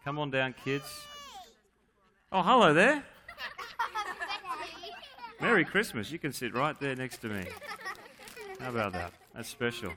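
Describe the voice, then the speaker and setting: A man's voice: medium pitch, animated, unhurried, long pauses, a crowd in the background. A man leading a playful, joking children's talk at a church service, coaxing kids to answer.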